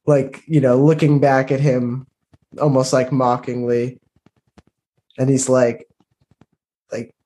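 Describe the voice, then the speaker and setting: Slow, hesitant male player. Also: mid-range voice, level tone, dark tone. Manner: hesitant, full of fillers. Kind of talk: casual tabletop play.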